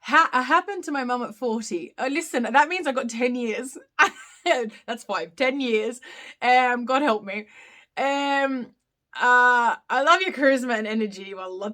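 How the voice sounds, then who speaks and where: A woman in her thirties with an Australian accent hosts a casual live-stream Q&A, reading out comments, answering them and often giggling. Her voice is high-pitched and a bit bright, at normal speed.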